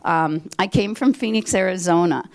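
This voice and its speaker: A woman's voice: on the low side, animated, moderate pace, a little mellow. An older woman from Minnesota, a theater director, chatting through a rambling curtain speech to a live audience from the stage. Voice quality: chatty, rambling, with fillers and restarts. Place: stage in a country club hall.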